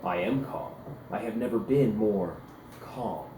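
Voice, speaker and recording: A towering male warrior knight of a tabletop game, low, clipped and coldly menacing, as a man puts him on. The words come slow and restrained. A roomy space with faint hum around the voice. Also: lively intonation, warm tone. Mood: coldly calm. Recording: roomy recording with faint ambience.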